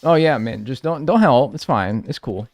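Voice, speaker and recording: A man from North America giving casual live commentary while playing a game, rambling and joking, with sudden loud yelps. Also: mid-range voice, expressive, moderate pace, slight background noise. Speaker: streamer playing a life-sim game.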